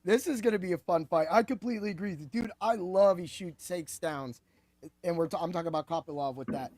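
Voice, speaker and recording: A man hosting a podcast, talking excitably about fights in a rambling way that keeps correcting itself. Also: sits high, a little fast. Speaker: podcast host. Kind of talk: animated sports betting chat.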